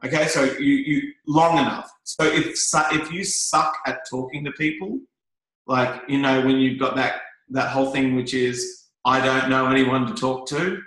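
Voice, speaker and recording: A man's voice: medium pitch, little pitch movement, normal speed, a bit bright. A man giving a casual motivational talk to a group, full of fillers and restarts. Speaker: network marketing trainer. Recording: very echoey room.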